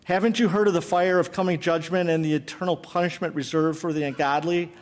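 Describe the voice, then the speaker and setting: Man playing a serene old prisoner, steady and unafraid, echo of a large hall. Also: on the high side, a little fast, lightly acted. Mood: calm. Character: calm, fearless elderly male prisoner. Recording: long hall reverb.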